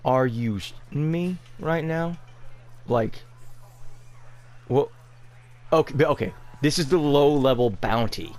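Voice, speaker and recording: A man's voice: mid-range voice, slow, long pauses, a little mellow. Man, gameplay commentary, sarcastic, incredulous, exasperated rant. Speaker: gaming video creator.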